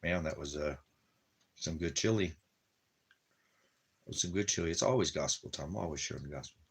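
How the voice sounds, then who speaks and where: A man's voice: very deep voice, brisk, gravelly, husky. A man talking casually at home, rambling and repeating himself, cooing to his dog and drifting into preachy religious talk. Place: at home in the desert.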